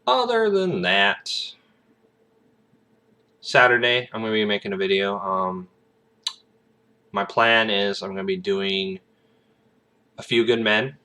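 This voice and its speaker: An aspiring actor vlogger rambles casually about his acting plans, getting sidetracked and using lots of fillers. His voice is fairly low, animated, and smooth with a sharp tone, and he speaks slowly with long pauses.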